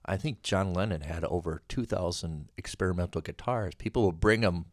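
A man hosting a podcast, talking casually in a loose, rambling way with animated asides. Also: deep voice, normal speed, no room sound, studio quality. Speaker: podcast host.

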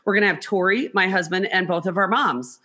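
A woman's voice: medium pitch, brisk. A middle-aged woman co-hosting a podcast, chatting casually and acting out the voices of people in her stories. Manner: animated storyteller who acts out quoted voices. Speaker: podcast co-host. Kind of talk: casual chat.

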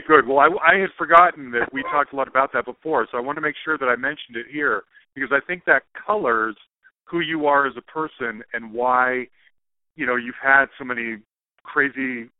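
A man's voice: mid-range voice, no room sound. A man hosting a casual interview who speaks with gushing enthusiasm. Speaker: podcast host. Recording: dry, tinny phone-like audio.

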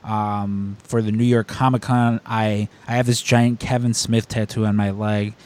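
A man's voice: on the low side, unhurried. A man hosting a podcast, telling a long story in casual chat, rambling and correcting himself as he goes. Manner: rambling, self-correcting, animated retelling.

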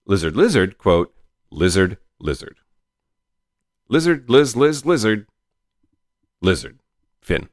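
Low, slow man doing a melodramatic reading. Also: sing-song, no room sound, clean studio sound. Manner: over-the-top dramatic delivery, swooping and repetitive. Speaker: podcast co-host. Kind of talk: mock-dramatic reading.

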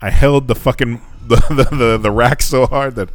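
A man co-hosting a casual podcast chat, rambling and swearing a lot, his voice jumping up when he gets worked up. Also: normal speed. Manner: heavy swearing, rambling with restarts; animated, voice jumps high when telling stories. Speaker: podcast co-host. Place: living in Japan.

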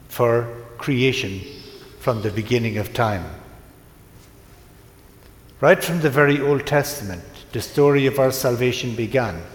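A priest preaching to his congregation, telling a story in a gentle, unhurried way with pauses. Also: mid-range voice. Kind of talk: sermon. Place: large church. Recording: echoey church from a distance.

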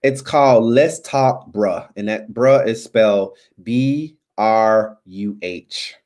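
A man's voice: lowish voice, takes it slowly, darkish tone. Rambling man signing off his stream. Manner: loose and rambling, many ums. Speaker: live stream host. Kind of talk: casual live stream sign-off chat.

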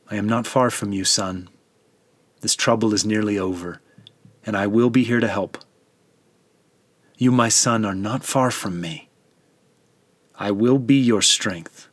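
Male reader as God the Father, low, dry, solemn and tender, measured delivery. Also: no echo. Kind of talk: dramatic scripture narration.

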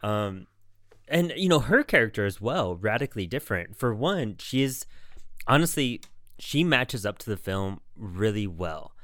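A man with a low voice chats loosely as a podcast co-host. He rambles, piling on fillers as he goes. The sound is close and dry, with no room around it. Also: very animated, normal speed, fairly bright tone, no echo. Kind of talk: casual chat.

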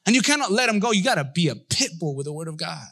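A middle-aged male pastor delivers an energetic sermon with a high voice and a bright, forceful edge. He slips into little acted-out voices and quotes as he preaches. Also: fast talker, vocal fry. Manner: animated, acts out voices and dialogue.

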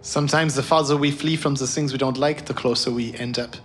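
A man voicing a weary, gentle male scientist who speaks formally and sadly. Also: medium pitch, steady tone, fairly quick, slight background noise, lightly acted. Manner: formal, melancholy speech.

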